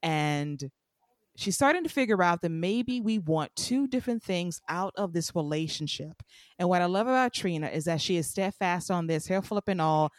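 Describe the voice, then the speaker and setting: Blunt, animated woman with a low voice. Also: normal speed, no room sound, clean studio sound. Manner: animated, blunt, acts out quoted lines. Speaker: podcast co-host. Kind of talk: casual recap of a TV show.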